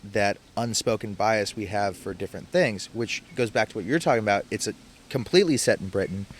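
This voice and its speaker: Guy w a lowish voice, casual podcast chat, faint hiss behind him, acts out quotes as he goes. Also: fairly quick. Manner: animated retelling with acted-out quotes. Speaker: podcast co-host.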